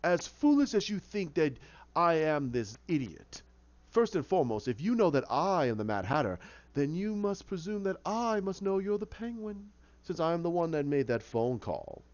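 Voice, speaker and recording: A man voicing a calm, menacing male villain who speaks low and measured. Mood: smug. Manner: low, slow and measured, drifting to a whisper. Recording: dull lo-fi dry recording.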